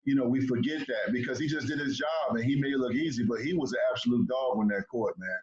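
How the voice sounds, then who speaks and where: Relaxed male host, dull lo-fi sound. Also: medium pitch, fast talker, slight background noise. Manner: relaxed, reminiscing, frequent fillers. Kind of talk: casual interview chat.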